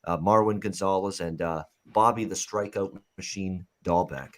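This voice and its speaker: A man with a fairly low voice hosts a live sports betting show. He talks loosely and rambles, with lots of "uh" fillers, and he reads viewer comments aloud. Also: fairly even intonation, normal speed, fairly bright tone. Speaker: host.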